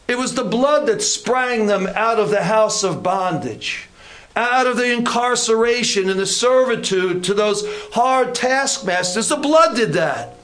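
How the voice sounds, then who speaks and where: A pastor delivers a sermon in a notably high voice, leaning on key words again and again. He slows down to stress his points and drops into casual asides. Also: fairly bright tone. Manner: deliberate, repetitive emphasis, folksy asides.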